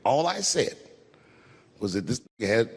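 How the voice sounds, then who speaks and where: A middle-aged man doing stand-up comedy, telling stories in a profane, animated way and acting out other people's voices. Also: medium pitch, moderate pace. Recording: live stage recording with long hall reverb.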